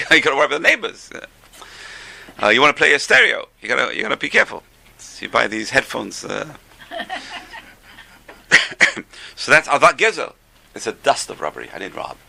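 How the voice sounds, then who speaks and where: An older man gives an informal religious class, chatting and joking his way through stories. His voice is gravelly, very bright and sharp, and he swings widely up and down in pitch. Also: a little hiss or hum. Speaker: religious teacher.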